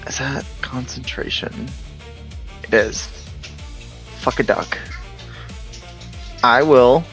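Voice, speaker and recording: A man's voice: medium pitch, slow, fairly bright tone. Man, tabletop player, easygoing, mid-range voice, faint music behind. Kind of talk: casual tabletop game chat.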